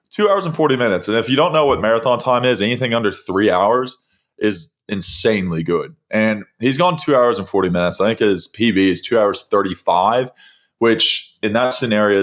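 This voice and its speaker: Male podcast host, lower voice, lively storyteller. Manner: animated storyteller, laughs often. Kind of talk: casual chat.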